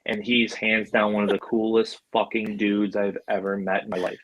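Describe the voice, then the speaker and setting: A man guest on a podcast, telling a story in a rambling, animated, profane way. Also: fairly low pitch, normal speed, poor audio. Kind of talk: casual storytelling.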